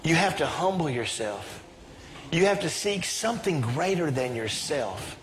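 A middle-aged man preaching a sermon as pastor, leading his congregation in call-and-response and breaking into excited exclamations. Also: on the high side, measured pace, a little hiss or hum. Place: church sanctuary. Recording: reverberant church hall with faint ambience.

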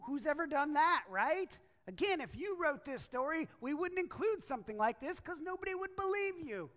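A woman's voice: a little high, fairly bright tone. A woman preacher delivering a sermon as a story, acting out the quotes and turning to the listeners with asides. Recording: echoey hall.

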